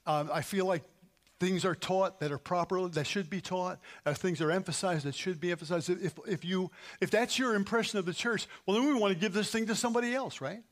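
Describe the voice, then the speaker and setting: Casting: New pastor, man, slightly high voice, earnest prayer that swells into emphatic calls. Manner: earnest, builds to emphatic peaks. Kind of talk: sermon prayer. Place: church sanctuary.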